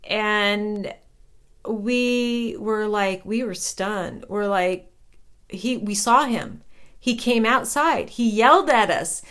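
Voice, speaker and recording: A woman's voice: mid-range voice, slow, fairly bright tone, clean tone. A woman telling a personal ghost story in a chatty, conversational way, often checking in with "right?".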